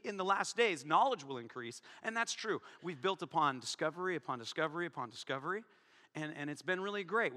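Pastor, male, animated and joking in the pulpit, bright, lively high voice, long hall reverb. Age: adult, married. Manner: animated, joking, swings from loud to hushed. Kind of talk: sermon. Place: church hall before a congregation.

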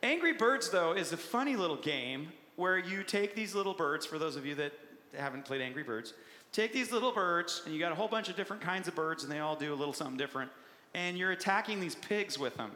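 A man preaching a sermon with a playful, animated, punchy delivery. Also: on the high side, fast. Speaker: pastor. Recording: echoey hall with long reverb.

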